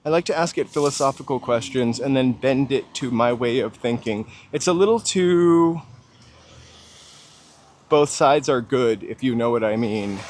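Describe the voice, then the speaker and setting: A man's voice: medium pitch, a little mellow, a little hiss or hum. A man with a General American accent, hosting a walking livestream outdoors on a city street and chatting casually while answering his viewers' comments. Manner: chatty, musing aloud, answering viewers' chat. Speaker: walking tour livestream host.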